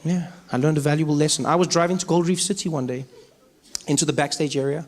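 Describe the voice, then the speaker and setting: A man with a South African accent doing stand-up comedy, animated and acting out voices before a live audience. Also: a little high, quick pace.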